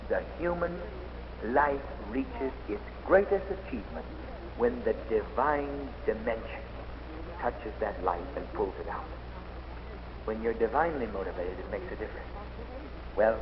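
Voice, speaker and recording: Man telling dramatic stories in an old hall recording. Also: medium pitch. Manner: dramatic storytelling, swinging from loud excitement to hushed intensity. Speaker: athlete giving an inspirational speech. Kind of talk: inspirational speech. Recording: old dull recording in an echoey hall with faint noise.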